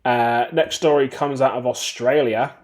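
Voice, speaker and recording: Host, male, mid pitch; reads news crisply, then chats loosely with his co-host. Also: fairly even intonation, darkish tone. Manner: brisk, reads headlines then banters. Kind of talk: reading games news and chatting.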